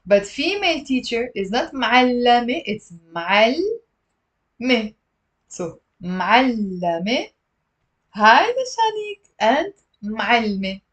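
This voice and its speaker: A woman's voice: sits high, sing-song, slow pace, fairly bright tone. Lebanese woman, language teacher on a livestream, patient, repeats words, friendly with viewers. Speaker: Arabic teacher. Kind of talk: live online language lesson.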